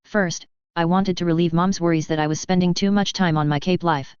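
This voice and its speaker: A woman narrating a first-person story in a steady, even reading voice. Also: on the low side, brisk, clean tone, dry recording. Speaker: fan fiction reader. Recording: dry, slightly dull lo-fi recording.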